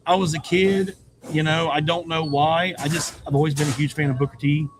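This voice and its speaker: A man's voice: on the high side, little pitch movement, fairly quick, noisy background. A man chatting casually and enthusiastically about wrestling, rambling a little as he talks. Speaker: wrestling fan guest. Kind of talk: casual chat. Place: busy pizzeria. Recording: crowd chatter behind.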